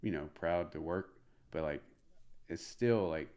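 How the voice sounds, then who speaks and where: A man from Middle Tennessee, a comedian guest telling an animated story full of fillers. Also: sits low, a little slow. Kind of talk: casual storytelling.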